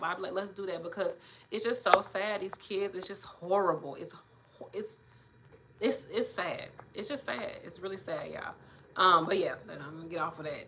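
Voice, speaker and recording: A woman nurse in her thirties chatting casually on a livestream, animated and preachy, addressing viewers directly. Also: lowish voice, normal speed, slight background noise. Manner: animated, preachy, talks straight to viewers with "y'all" and "child".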